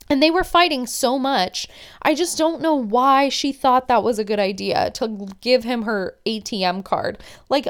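A young woman hosting a podcast, chatting casually and opinionatedly as she recaps a show. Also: on the high side. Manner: chatty, opinionated, many "like" fillers.

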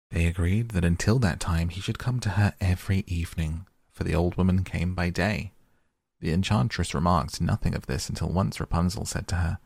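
A man reads old fairy tales aloud at a steady, measured pace. His voice is very deep and husky, with a gravelly fry, recorded close and dry. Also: no echo. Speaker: narrator. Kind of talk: fairy tale audiobook reading.

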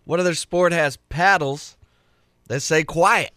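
A man co-hosting a sports radio show in casual chat, teasing his partner with quick wisecracks. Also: mid-range voice, lively intonation, fairly bright tone, dry recording, clean studio sound.

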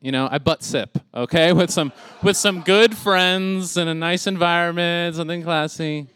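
A man's voice: a little high, fairly even intonation, moderate pace, a bit bright, clean tone, dry recording. A man in his thirties doing a rambling stand-up set, laughing at his own jokes. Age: 30s. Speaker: stand-up comic.

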